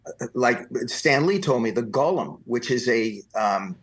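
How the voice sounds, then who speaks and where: Man telling animated stories. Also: medium pitch, measured pace. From New Jersey. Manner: animated anecdotal storytelling, acts out quoted voices. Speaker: guest. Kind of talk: storytelling interview.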